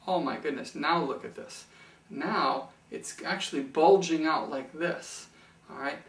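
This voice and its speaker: A man's voice: a little high, unhurried, a bit bright. Man, violin teacher, patient, repeats things for beginners, recorded from across the room, faint hiss. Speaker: music teacher. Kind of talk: instructional video lesson. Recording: echoey room from far off.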